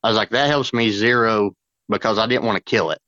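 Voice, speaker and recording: A man, a fishing guide on a podcast, telling a long story in a rambling, excited way with lots of fillers. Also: fairly low pitch, fairly quick, dry recording, lo-fi sound. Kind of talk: casual storytelling.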